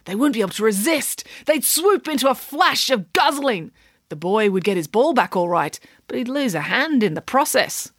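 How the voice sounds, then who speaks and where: A woman's voice: on the high side, expressive, normal speed, no echo, pitched above the performer's own voice. A woman voicing a playful, imaginative mother telling a tall tale, in a matter-of-fact, mock-serious manner. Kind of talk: storybook reading.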